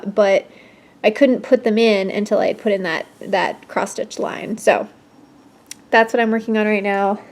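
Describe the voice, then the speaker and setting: A woman's voice: medium pitch, darkish tone. A young woman chatting casually at home in a stitching vlog, talking with frequent fillers and small laughs. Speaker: stitching vlogger.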